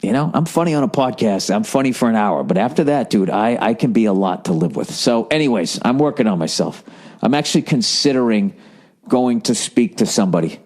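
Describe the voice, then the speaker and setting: A man's voice: lowish voice, expressive, a little fast, a little mellow. A man in his forties from the United States, a podcast host and comedian, rambling in a profane, self-mocking monologue. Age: 40s.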